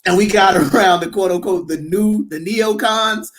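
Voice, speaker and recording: A man's voice: high voice, normal speed. A man co-hosting a podcast, chatting casually about politics, acting out the voices of people in his story. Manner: animated storyteller, acts out quoted voices. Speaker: podcast co-host.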